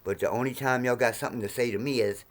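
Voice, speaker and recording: A man in his sixties ranting to camera in a profane, heated monologue, swinging between low mutters and sudden shouts. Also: steady tone, fast. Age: 60s. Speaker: vlogger.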